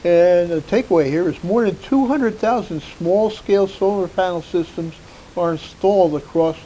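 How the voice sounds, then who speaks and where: Male co-host with a high voice, casual headline reader, light background hiss. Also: moderate pace, mellow, rough recording. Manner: reads headlines aloud, brief comments. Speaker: co-host and engineer. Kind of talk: casual news discussion. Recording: faint hiss.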